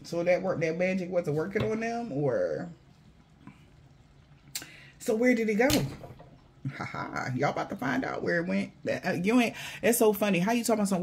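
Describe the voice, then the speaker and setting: Brief: man, somewhat higher voice, blunt and profane spiritual reader, mocks the people he talks about. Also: animated, moderate pace, long pauses, breathy edge. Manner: blunt, profane, mocking, slangy. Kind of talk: casual intuitive reading to viewers.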